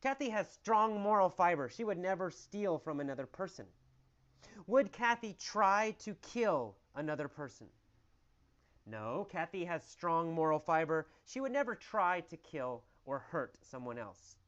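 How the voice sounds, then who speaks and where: Animated male English teacher, lo-fi sound. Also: high-pitched, a little slow. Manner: exaggerated, animated questioning with emphatic answers. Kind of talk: mini-story question-and-answer lesson.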